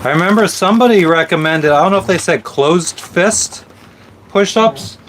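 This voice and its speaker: A man's voice: sits high, normal speed, a bit bright, slight background noise. A man vlogging casually from a boat, joking around and swearing freely. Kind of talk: casual chat.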